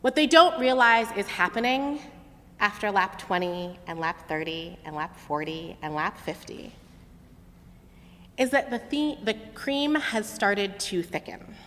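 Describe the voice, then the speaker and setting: Brief: woman worship leader, slow and very lively storytelling, long reverb of a big sanctuary. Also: mid-range voice. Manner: lively expressive story-telling. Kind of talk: sermon storytelling. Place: large sanctuary.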